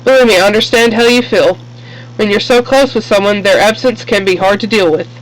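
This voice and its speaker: A man reading the lines of a gentle, lonely elderly widow in a game, in his own plain voice without an old-lady voice. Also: sits high, brisk, natural voice, low-quality recording.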